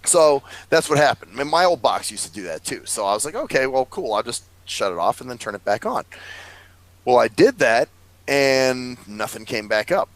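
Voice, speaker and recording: Male co-host, gravelly voice, lively pitch, dry close recording, rambling and profane. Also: normal speed, dry recording, rough recording. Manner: rambling storyteller, swears a lot, laughs often. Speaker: podcast co-host. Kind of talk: casual chat.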